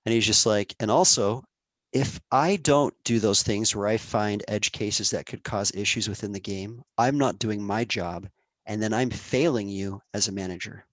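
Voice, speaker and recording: A man's voice: lowish voice, normal speed, dry recording. A man in his thirties, a game producer guest, telling work stories in a casual interview and acting out quoted dialogue. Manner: animated, acts out quoted dialogue.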